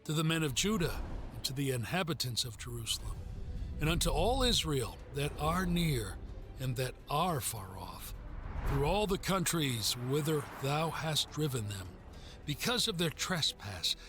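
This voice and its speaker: A man giving a solemn, measured reading of scripture. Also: a little high, very animated, music in the background. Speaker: scripture reader.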